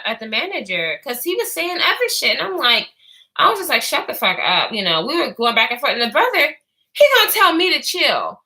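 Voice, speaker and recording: A woman's voice: on the high side, sharp tone, poor audio. A woman vlogger telling a rambling story in casual talk, full of fillers and swearing.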